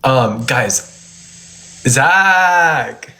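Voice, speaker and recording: A man hosts a casual live stream from home on his phone, chatting and rambling while laughing often. His mid-range voice is expressive with a sharp tone, and he draws out his words.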